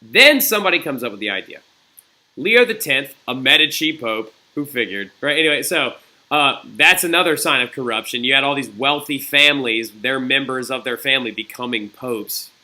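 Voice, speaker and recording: A man's voice: medium pitch, expressive, normal speed, pushed and bright. A man teaching a recorded history lesson in a chatty, digressive way, often checking in with "right?" and "okay?". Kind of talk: recorded classroom lecture.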